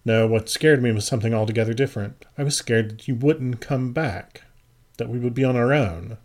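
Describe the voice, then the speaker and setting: A tired, steely neighbor woman, as a male narrator puts her on in a storybook reading. She talks in quiet, halting bursts, her voice lifted a little higher than the reader's own. The pitch sits in the middle of a man's range. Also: close to an everyday voice. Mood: weary. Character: weary, tough-minded woman neighbor guarding sleepers.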